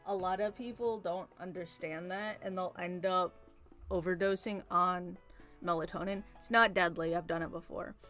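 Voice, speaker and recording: A woman's voice: fairly low pitch, fairly even intonation, moderate pace. A young woman chatting casually and venting while she works on a drawing, rambling and swearing freely. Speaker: art streamer. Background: soft background music.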